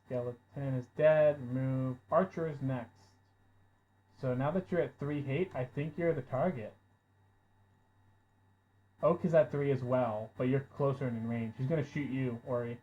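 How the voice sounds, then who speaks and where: A man acting as game master for a tabletop role-playing game calls rolls and narrates the action, getting loud and swearing when surprised. His medium-pitched voice is steady and moderately paced with frequent pauses, and the audio is dull and lo-fi.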